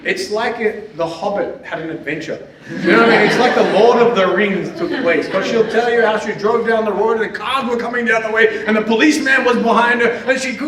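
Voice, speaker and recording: A man, a spiritual teacher, gives a lively lecture full of anecdotes. He laughs often and checks in with his listeners by asking "yeah?". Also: high-pitched, brisk, a crowd in the background. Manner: animated, laughs often, ends points with a questioning "yeah?". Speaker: spiritual teacher giving a talk. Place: lecture hall at a festival symposium. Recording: very echoey hall, speaker far from the mic.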